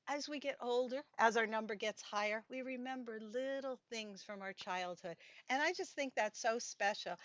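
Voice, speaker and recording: Older woman stand-up comic, slightly high voice, playful and chatty storyteller, dry muffled recording. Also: fairly bright tone, no room sound. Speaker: stand-up comedian. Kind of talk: stand-up comedy routine.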